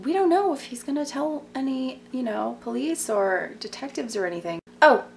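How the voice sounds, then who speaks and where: A woman's voice: sits high, expressive, moderate pace, vocal fry, darkish tone, slight background noise. A young woman in a casual TV recap vlog, chatty and gossipy, filling her talk with "like" and sarcastic asides. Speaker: vlogger.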